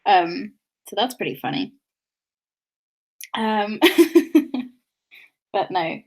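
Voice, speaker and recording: A woman's voice: mid-range voice, sing-song, drawn-out words. A woman from London with a fairly posh southern English accent that has a slight London undertone, chatting casually on a livestream while doing her makeup, laughing often and drifting into tangents. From England, London. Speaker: livestream host.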